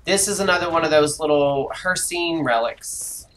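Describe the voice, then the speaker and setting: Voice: mid-range voice, moderate pace, fairly bright tone, a little hiss or hum. A live-streaming gamer giving casual commentary to viewers, narrating moves aloud, swearing freely at setbacks and laughing the frustration off. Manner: narrates own moves aloud, chatty and exclamatory.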